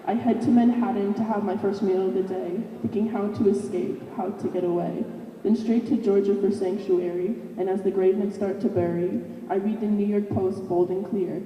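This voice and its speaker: A woman's voice: medium pitch, fairly even intonation, moderate pace, highs cut off, natural voice. A young woman playing a boastful male duelist in a rhyming student stage performance. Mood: anxious. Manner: rhythmic rhyming delivery. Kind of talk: student spoken-word performance. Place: large opera house stage. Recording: echoey hall from far off, noisy.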